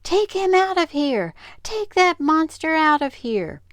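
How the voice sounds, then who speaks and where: An older woman voicing a fearful little girl who shrieks and wails in a high, pleading voice. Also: moderate pace, clear, resonant tone, no echo, natural voice. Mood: terrified. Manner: shrieking, wailing, high-pitched.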